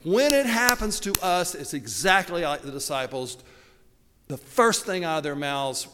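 Animated preacher in a reverberant hall. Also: male voice, on the high side, moderate pace. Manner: conversational, animated storytelling with asides and laughs. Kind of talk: sermon.

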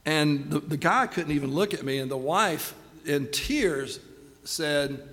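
A man's voice: on the high side, measured pace, a bit bright. A middle-aged man telling a self-deprecating story in a sermon. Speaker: pastor. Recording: long hall reverb.

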